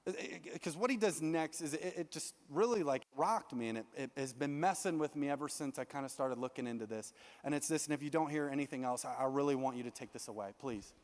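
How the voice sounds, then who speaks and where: High, earnest young man preaching in a hall. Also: quick pace, few pauses. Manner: earnest, animated preaching with frequent restarts. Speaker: youth pastor. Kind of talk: sermon.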